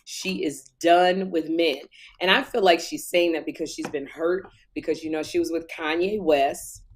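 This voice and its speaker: A woman in her thirties co-hosting a casual podcast chat, telling animated stories and slipping into impressions. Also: low voice, moderate pace, a little hiss or hum. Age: 30s. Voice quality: animated storyteller who slips into impressions. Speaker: podcast co-host.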